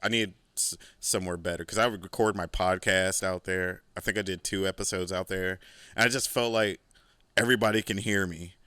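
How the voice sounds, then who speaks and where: A man's voice: low voice, fairly even intonation, fairly quick, bright, forceful tone, clear, resonant tone, no room sound. A man hosting a podcast, telling a rambling, profane story in a casual solo monologue. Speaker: podcast host.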